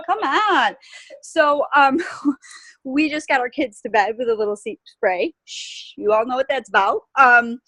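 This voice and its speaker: A chatty, upbeat woman gives a casual update from home, breaking into laughter often. Her voice sits a little high, and the sound is close and dry with no room echo. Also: fairly bright tone. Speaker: team member sharing takeaways. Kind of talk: casual group call update. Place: at home on vacation.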